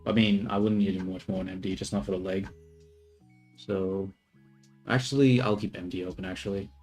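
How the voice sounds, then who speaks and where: A man's voice: low voice, fairly even intonation, fairly quick, darkish tone, soft background music. A young man streaming his 3D modeling work, thinking aloud in casual chatter, trailing off and correcting himself as he goes. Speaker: livestreamer doing 3D modeling.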